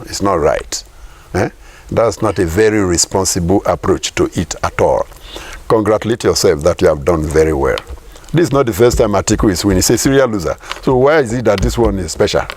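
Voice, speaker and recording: Emphatic Nigerian man, husky and gravelly. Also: on the low side, darkish tone. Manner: emphatic, repeats points, rhetorical questions. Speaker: professor and political commentator. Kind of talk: political interview.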